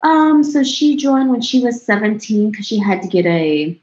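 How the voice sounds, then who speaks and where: A woman's voice: fairly high pitch, very animated, moderate pace, a little mellow. A woman in her thirties telling a personal story in a casual interview, chatty, laughing often and trailing off into restarts. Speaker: interview guest. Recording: dull lo-fi sound.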